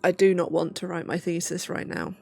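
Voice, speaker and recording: A woman's voice: on the low side, big pitch swings, fairly quick, gravelly, a little mellow, no room sound. A young woman talking casually on a livestream, on the verge of tears, thinking aloud with nervous laughs. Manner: tearful self-talk with nervous laughs. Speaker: livestreamer and PhD student.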